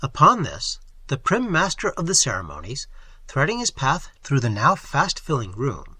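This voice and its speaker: A man reading an audiobook with expressive, measured storytelling. His pitch swings widely as he moves through the scene, and his bright voice has a faintly husky edge. The recording is close and dry. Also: dry recording. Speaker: audiobook reader. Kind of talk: audiobook narration.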